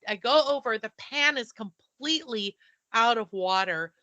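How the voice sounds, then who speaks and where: Bright lively woman telling a story. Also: fairly high pitch, normal speed, no room sound. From not from the South. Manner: animated, breathless retelling with quoted dialogue. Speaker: podcast co-host. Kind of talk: casual storytelling chat.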